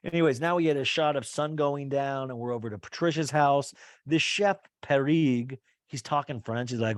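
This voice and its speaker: A man's voice: medium pitch, moderate pace, no room sound. A man hosting a podcast, recapping a reality show in a chatty, rambling way full of asides. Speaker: podcast host. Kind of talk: casual TV recap.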